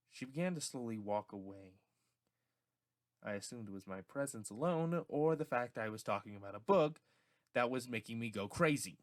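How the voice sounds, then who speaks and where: A man's voice: mid-range voice, animated, normal speed, no echo, clean studio sound. A young man narrating a first-person audiobook story in a casual, hesitant way, with stammers and restarts.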